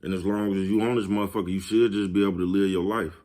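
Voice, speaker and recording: A man's voice: deep voice, steady tone, fast, dark tone. A man, talking casually to his viewers, laid-back and repetitive, laughing at his own jokes. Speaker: vlogger. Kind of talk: casual monologue to camera.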